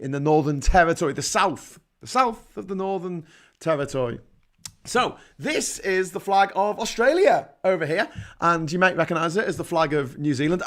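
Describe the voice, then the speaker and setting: A man's voice: fairly high pitch, a bit bright. A man with a Liverpool accent hosting a casual livestream, rambling, joking and reading out chat comments. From Liverpool, England. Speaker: livestream host.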